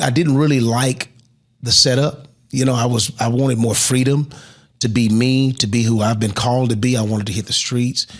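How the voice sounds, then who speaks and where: A middle-aged man, a guest in an interview, telling his life story with lively swells and sudden quiet drops. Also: mid-range voice. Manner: animated storyteller who drops to a hush at emotional moments. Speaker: interview guest, motivational speaker.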